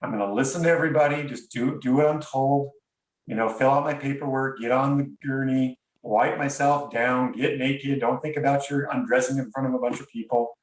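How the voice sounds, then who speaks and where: A man's voice: medium pitch, fairly even intonation, a little fast. A man, a podcast guest, tells a personal story in an earnest, reflective way, often stopping and restarting his sentences. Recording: roomy sound, distant from mic.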